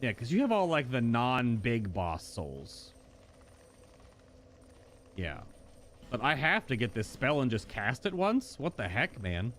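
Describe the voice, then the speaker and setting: A man in mid-range pitch giving casual gameplay commentary. His voice swings widely up and down as he thinks aloud and breaks into sudden exclamations. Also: very animated, slow, pauses often, fairly bright tone, a little hiss or hum. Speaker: gaming host.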